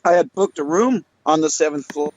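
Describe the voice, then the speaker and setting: A man's voice: on the high side, fairly quick, dull audio, slight background noise. Rambling man swapping backstage stories. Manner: rambling, loose, with frequent fillers. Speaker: guest storyteller. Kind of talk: casual podcast chat, telling anecdotes.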